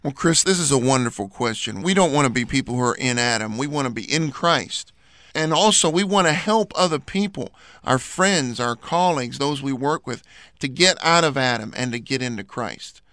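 A man's voice: medium pitch, animated, normal speed, fairly bright tone, no room sound. A man co-hosting a Christian program, explaining a teaching in an earnest, scripted way. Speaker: radio program co-host.

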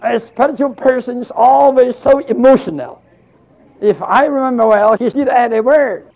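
An older man preaching a sermon with feeling, swinging between hushed, tender tones and loud, fervent cries. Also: extremely high pitch, moderate pace, dull audio. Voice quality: gravelly. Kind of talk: emotional sermon.

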